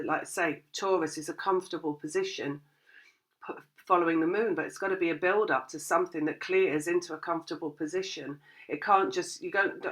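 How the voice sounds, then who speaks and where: A woman's voice: low voice, fairly bright tone. A woman giving a casual, rambling tarot reading, laughing often and acting out her listeners' thoughts. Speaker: tarot reader.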